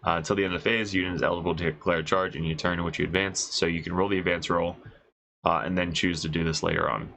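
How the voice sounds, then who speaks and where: A man with a congested voice, casually reading out and reacting to game rules as a host, excited and swearing, thinking aloud. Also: deep voice, quick pace, vocal fry, a little hiss or hum, rough recording. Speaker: wargaming video host reviewing rules.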